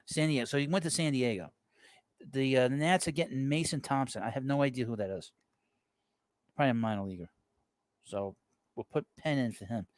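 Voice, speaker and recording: A man's voice: mid-range voice, dry recording. Dry-voiced man hosting a casual baseball stream. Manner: rambling, reads viewer messages aloud and reacts offhand. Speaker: sports talk show host. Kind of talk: casual live-stream chat about baseball.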